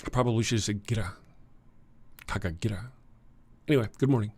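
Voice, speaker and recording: A man with a Texan accent hosting a casual livestream, greeting viewers and reading their comments in a rambling, halting way, often chuckling. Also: on the low side, a little mellow, slightly rough. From Texas. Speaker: livestream host.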